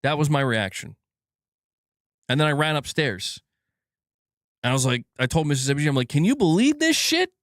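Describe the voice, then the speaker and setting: A man's voice: medium pitch, moderate pace, long pauses, no room sound, clean studio sound. A man hosting a gaming channel, ranting on a casual livestream from home and swearing freely. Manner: animated, emphatic, swears freely. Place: alone at home.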